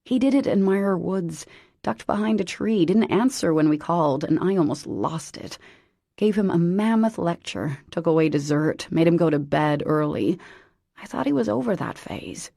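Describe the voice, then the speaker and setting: A woman's voice: lowish voice, animated, moderate pace, gravelly, dark tone, dry recording, studio quality. A woman voicing a tired, worried father who sighs as he talks, in an audiobook. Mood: weary. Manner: weary, sighing.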